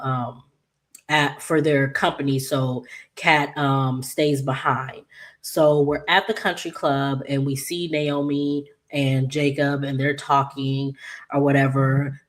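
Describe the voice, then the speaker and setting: A channel host casually recapping a soap opera episode, rambling with many "um"s and "she was just like," and quoting the characters as they go. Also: medium pitch. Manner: retells scenes by quoting characters in their voices.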